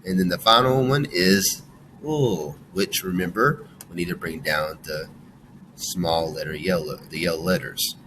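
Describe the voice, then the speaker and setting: A man's voice: low-pitched, a bit bright, a little hiss or hum, rough recording. A man teaching a phonics lesson to children, sounding out letters one by one and walking the class through each word. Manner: slow, sounding out letters and praising.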